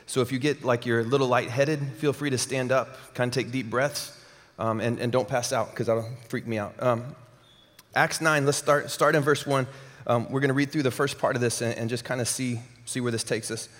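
A man gives a sermon in an easy, chatty way, often doubling his words and dropping in ums. His voice sits at a middling pitch. It carries with a long reverb through the sanctuary. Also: fairly even intonation, normal speed, fairly bright tone. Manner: conversational, repeats words, frequent ums. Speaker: pastor. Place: church sanctuary. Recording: hall reverb.

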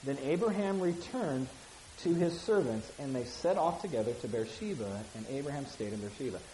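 A woman's voice: a bass voice, animated, a little fast, mellow. A woman giving a conversational Bible teaching. She reads scripture aloud with acted voices, then explains it casually, asks listeners questions and repeats key phrases. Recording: echoey room with hiss.

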